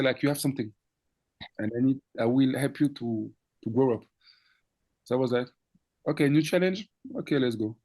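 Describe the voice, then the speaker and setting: A male DJ from France, appearing as a guest, tells stories in a lively casual interview with a mid-range voice. He's animated, laughs, and acts out quoted dialogue.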